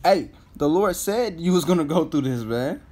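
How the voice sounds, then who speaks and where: A man's voice: a little high, animated, normal speed, dark tone. A man backing up a Bible teaching with casual, slang-heavy exhortation.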